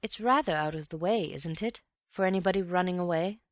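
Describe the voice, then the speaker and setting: A thoughtful gentleman detective speaks slowly and earnestly, as a woman reader puts him on. The voice stays low and even. It is recorded close and dry. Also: no echo, close to an everyday voice. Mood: grave. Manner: grave, measured, earnest.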